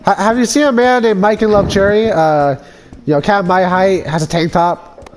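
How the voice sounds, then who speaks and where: A young man hosting a gaming video, chatting casually with friends and yelling excitedly when things go wrong. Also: high voice, normal speed, soft background music. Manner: excitable, laughs often, yells when chased. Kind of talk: casual game chat with friends.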